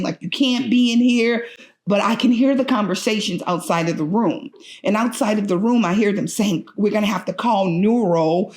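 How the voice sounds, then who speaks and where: A middle-aged woman, a patient's mother, recounts a personal story in an anxious, animated way and acts out other people's lines. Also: medium pitch. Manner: anxious and urgent, frequent restarts.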